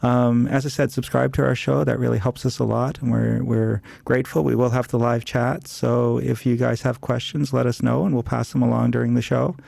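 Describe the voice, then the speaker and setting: A man's voice: medium pitch, little pitch movement, a little fast, creaky, hardly any pauses, darkish tone, no room sound. A man, the show's producer, giving casual announcements while losing his voice, chatty with many fillers. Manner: chatty, loose, lots of fillers.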